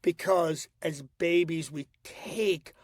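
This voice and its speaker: A man's voice: fairly high pitch, dry recording, studio quality. A middle-aged man from Philadelphia with a nasal Northeast accent, chatting animatedly in an interview, with lots of restarts. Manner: animated, slips into quick voices and quotes, many restarts. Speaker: guest, voice impressionist. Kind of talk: casual interview talk.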